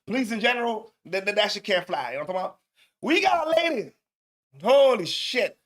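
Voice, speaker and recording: A man hosting a live show, reacting to clips with loud, animated, heavily cursing commentary and repeating himself. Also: high-pitched, brisk.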